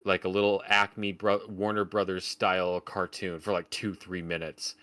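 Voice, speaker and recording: A man's voice: deep voice, level tone, moderate pace, bright, forceful tone. A man co-hosting a podcast, ranting about a film in casual, profane, sarcastic talk. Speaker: podcast co-host. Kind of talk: casual film review chat.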